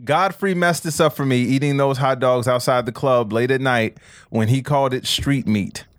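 Dude cohosting, easygoing, swears casually, dry close mic. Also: male voice, mid-range voice, normal speed, no room sound. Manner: relaxed, swears casually, riffs on stories. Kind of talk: casual chat.

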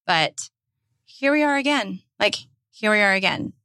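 A woman's voice: medium pitch, lively intonation, unhurried, pushed and bright, no room sound, clean studio sound. A woman with a Southern US accent, co-hosting a podcast in casual chat, emphatic and impassioned, swearing freely. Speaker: podcast co-host.

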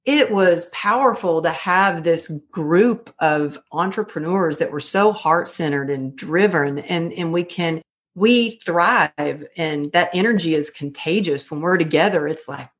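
A middle-aged woman speaks in a slightly low voice. She talks earnestly and tells her story with animation, like a guest in a casual podcast conversation. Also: unhurried.

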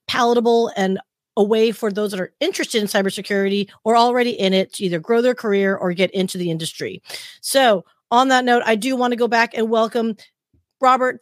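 Woman podcast host, fairly high voice, upbeat and chatty, dry close sound. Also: no room sound. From Southern California. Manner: upbeat, chatty, lots of shout-outs. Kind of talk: casual podcast chat.

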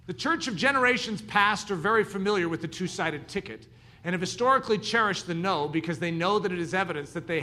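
A man preaching a sermon in an animated way, acting out the voices of his listeners. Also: sits high. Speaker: pastor.

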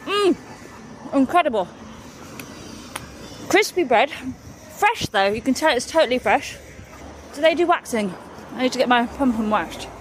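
A woman's voice: high-pitched, expressive, moderate pace, pauses often. A woman, talking casually to camera as she walks through city streets, chatty and blunt with plenty of swearing. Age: 40s. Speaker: travel vlogger. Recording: phone audio with traffic noise. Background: street traffic.

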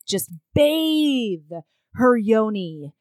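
A woman co-hosting a casual chat, recapping a book in a blunt, crude and animated way. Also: on the high side, drawn-out words, dry recording.

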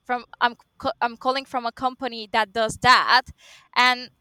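Brief: female guest, relaxed storyteller, somewhat high, bright voice. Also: clean tone, dry recording. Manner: laughs often, halting restarts. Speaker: guest, sales rep. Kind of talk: casual chat.

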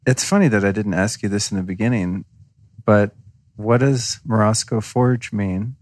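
A man's voice: fairly low pitch, steady tone, normal speed, a little mellow, no room sound, clean studio sound. A man hosting a podcast interview, friendly and joking as he asks questions. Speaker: podcast host. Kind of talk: casual interview talk.

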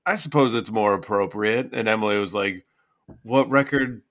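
A man hosting a music podcast in casual chat, easygoing and quick to laugh. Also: on the low side, a bit bright. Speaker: podcast host.

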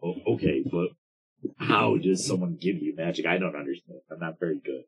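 A man's voice: low voice, fairly quick, slightly rough, dull audio. A man playing a tabletop role-playing game, chatting playfully and laughing, often stammering. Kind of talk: casual role-play banter.

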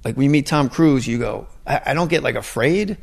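A man's voice: medium pitch, normal speed, creaky. A man who is a podcast guest, chatting casually and rambling through stories with many asides. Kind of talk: casual chat.

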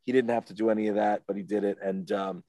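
A man with a lowish voice recorded dry and close, telling a long story in a loose, casual way. He rambles, often stops on "what do you call it," and leaps up in pitch when he acts out the voices of others. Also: steady tone, fast talker, dark tone, no room sound. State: emotional, close to tears. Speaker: interview guest.

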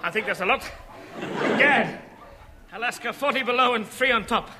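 A man doing zany 1950s radio comedy, giggling and squeaking through silly voices. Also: fast talker. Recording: noisy old radio broadcast.

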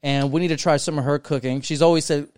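A podcast co-host with a fairly high, steady voice talks fast in a slightly mellow, clean tone. He chats casually and rambles, swearing freely and trailing off mid-thought. The studio recording is clean, with no room sound.

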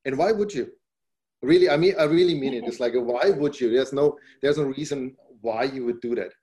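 A man's voice: mid-range voice, brisk, mellow. A man guesting on a podcast, answering at length in casual talk, filling his sentences with "you know, it's like" and growing emphatic on his points. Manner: rambling, repeats "you know, it's like" often; grows emphatic when making a point. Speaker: podcast guest, company founder.

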